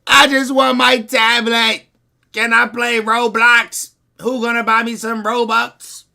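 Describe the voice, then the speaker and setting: Man putting on a whiny kid voice, high and drawn out, pleading. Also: flat delivery, slow pace, gravelly, pushed and bright, exaggerated voice. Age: child figure. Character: whiny little kid begging for a tablet.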